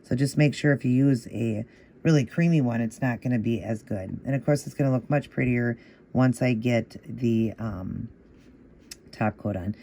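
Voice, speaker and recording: A man hosting a nail art tutorial, explaining each step in a patient, encouraging way and repeating the moves in a steady rhythm. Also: mid-range voice, normal speed, vocal fry, slight background noise. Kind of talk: casual step-by-step tutorial narration.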